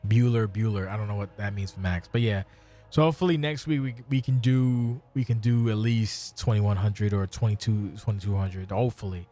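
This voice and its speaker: A man's voice: lowish voice, fairly quick, mellow, soft background music. A man hosting a casual podcast, swearing a lot and ranting in mock outrage. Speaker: podcast host.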